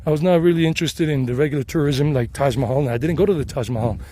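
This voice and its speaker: A man's voice: on the high side, very fast, warm tone, slight background noise. A middle-aged man with a Southern US accent narrates his hike in a chatty, meandering way and sweats from the climb. He records on a handheld phone outdoors on a mountain trail. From South Carolina, United States. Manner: chatty, meandering, repeats himself. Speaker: travel vlogger and English teacher. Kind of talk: casual rambling narration while hiking.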